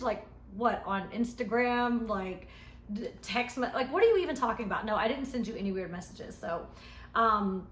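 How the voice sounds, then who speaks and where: A woman casually recapping a reality show episode she was in, telling it in an animated, emphatic way. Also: on the high side, normal speed. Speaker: reality show cast member reviewing her episode. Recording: echoey room.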